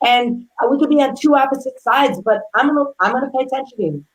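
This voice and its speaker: A woman guest chef in a casual interview, a lively storyteller who acts out what people said. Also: high-pitched, quick pace, poor audio.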